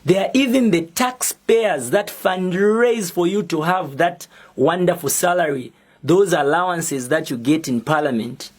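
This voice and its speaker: A young Zambian man with a Zambian accent, speaking as an activist in a prepared public statement, slow, deliberate and defiant. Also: on the high side. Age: young adult.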